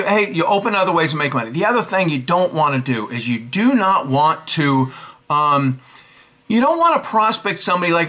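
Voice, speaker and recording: A man in his forties giving casual sales coaching, brisk and emphatic, repeating his key points. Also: on the high side, pushed and bright. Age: 40s. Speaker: network marketing coach. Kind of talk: casual instructional talk.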